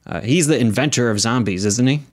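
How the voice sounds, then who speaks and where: This young man co-hosting a podcast keeps the chat casual, cracking jokes and often laughing. His medium-pitched voice moves fairly quickly, and the clean studio recording has no room sound.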